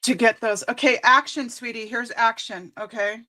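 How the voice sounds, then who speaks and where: A woman host giving a live card reading, tearful and choked up, reading aloud with frequent pauses. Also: fairly high pitch, fairly even intonation, pushed and bright. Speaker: intuitive card reader and host.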